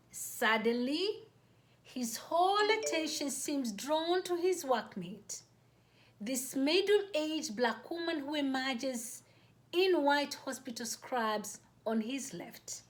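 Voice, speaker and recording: A woman host reading her own personal story aloud, in a measured, deliberate way. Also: high-pitched.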